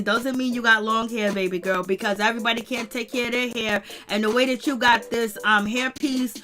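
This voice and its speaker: High-voiced, bright, chatty woman host. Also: a little fast, hardly any pauses, faint music behind. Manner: animated, chatty, laughs often, addresses viewers and chat. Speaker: host of a reality-show recap channel. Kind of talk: casual commentary.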